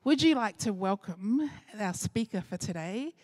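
A woman's voice: medium pitch, lively intonation, a little slow, darkish tone, dry recording. A woman leading a church service, chatting through announcements and laughing often.

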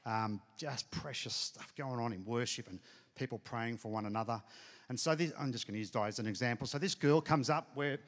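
Speaking a little fast in a mid-range voice, a middle-aged man delivers a sermon testimony in a church hall. As the pastor, he tells his story earnestly and with emotion, addressing the congregation directly amid the hall's reverb.

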